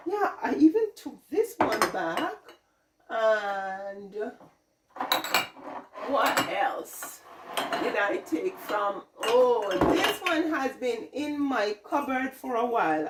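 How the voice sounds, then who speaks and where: A woman's voice: mid-range voice, darkish tone, slight background noise. Chatty Jamaican woman in an echoey kitchen. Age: middle-aged. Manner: chatty, rambling, laughs often. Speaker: vlogger. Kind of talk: casual chat. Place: home kitchen. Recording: echoey room, mic at a distance.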